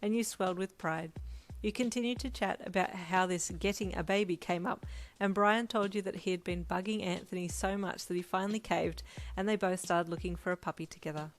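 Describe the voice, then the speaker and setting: A woman reading a second-person fan fiction audiobook in a steady, soft storytelling manner. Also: fairly low pitch, a little fast, soft background music. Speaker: fanfiction reader.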